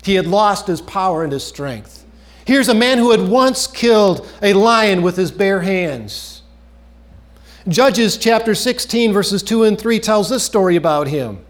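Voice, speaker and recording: A man preaching a sermon in an earnest way, repeating key phrases and dropping his voice low at the ends of phrases. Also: animated, a little slow.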